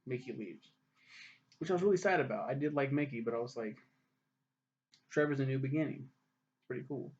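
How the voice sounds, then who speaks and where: A man's voice: medium pitch, lively intonation, a little fast, long pauses, darkish tone. A young man casually reviewing a TV show, rambling and ranting with lots of swearing. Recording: dull lo-fi recording.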